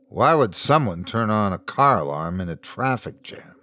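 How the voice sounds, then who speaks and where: Expressive male horror storyteller. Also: fairly low pitch, moderate pace. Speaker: host and narrator. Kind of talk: scripted horror story narration.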